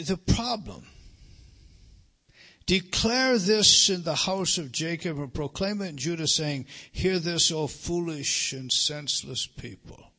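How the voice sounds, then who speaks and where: A middle-aged man preaching a sermon, emphatic, rising to loud stresses and dropping to hushed lines. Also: high-pitched. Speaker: pastor.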